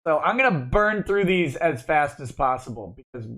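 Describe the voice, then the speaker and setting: A man's voice: fairly high pitch, sing-song, normal speed, a bit bright. A man hosting a late-night livestream, reading viewer chats aloud with jokes. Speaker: livestream host.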